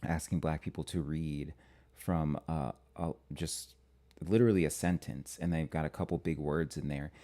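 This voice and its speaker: A man from Minnesota hosting a live-stream commentary show, talking in a halting way with frequent restarts and fillers. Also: extremely low pitch, steady tone, mellow. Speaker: astrology channel host.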